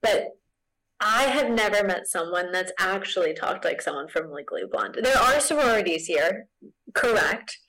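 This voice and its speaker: A woman's voice: medium pitch, expressive, moderate pace, bright, forceful tone, rough recording. Chatty American woman co-host. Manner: chatty, heavy use of "like". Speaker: podcast co-host. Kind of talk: casual chat.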